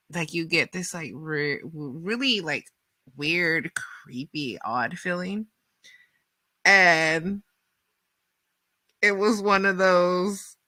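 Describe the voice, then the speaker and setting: A woman radio host telling a rambling story in a casual, animated way, full of fillers and acted-out quotes. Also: on the low side, no echo.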